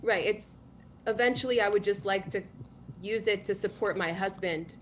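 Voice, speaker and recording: A woman's voice: mid-range voice, normal speed, a little hiss or hum. Soothing-voiced hesitant woman caller. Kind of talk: call-in conversation.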